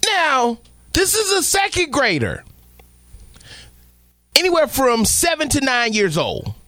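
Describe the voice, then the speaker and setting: A man hosting a casual reaction video, commenting on a clip in an animated, ranting way. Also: extremely high pitch, slow pace, no echo. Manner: animated, ranting, laughs often. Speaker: reaction host.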